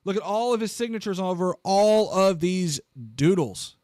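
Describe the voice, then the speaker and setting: A man hosting a live political commentary stream, animated and incredulous, talking straight to his viewers. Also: high-pitched, normal speed, no echo, clean studio sound.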